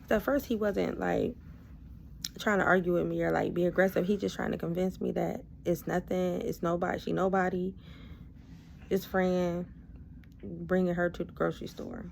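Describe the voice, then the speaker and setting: A woman's voice: on the low side, moderate pace, creaky, a little hiss or hum. A woman vlogger casually telling a personal story, loose and conversational, full of asides. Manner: animated, acts out both sides of a past argument.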